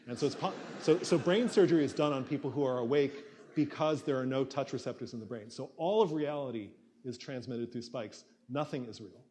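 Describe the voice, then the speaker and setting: During the Q&A part of a lecture at a university assembly, a neuroscience professor talks a little fast in a medium-pitched, slightly mellow voice. He answers conversationally, musing aloud and leaning on fillers often.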